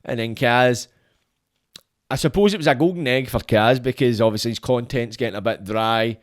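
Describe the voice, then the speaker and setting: A man's voice: mid-range voice, moderate pace. Scottish guy on a podcast, sweary and blunt, voice jumps way up when he gets going. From Scotland. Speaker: podcast guest. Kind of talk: casual podcast rant.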